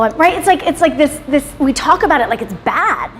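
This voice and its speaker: A woman's voice: high-pitched, animated, fairly quick, few pauses, fairly bright tone. A woman in her thirties running a motivational class, talking emphatically, swearing freely and ending points with "right?". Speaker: class leader. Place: salon in a roomy hall. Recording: reverberant room, faint background noise.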